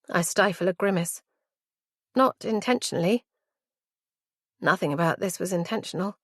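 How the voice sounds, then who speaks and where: A woman reading a first-person story in a reflective, measured way. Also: on the low side, no echo, clean studio sound. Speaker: audiobook narrator. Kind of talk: first-person audiobook narration.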